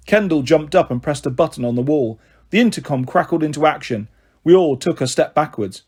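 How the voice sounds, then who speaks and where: A male storyteller reads a children's novel aloud in a steady, expressive way. His voice sits a little high for a man. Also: fairly quick, breathy edge. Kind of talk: audiobook narration.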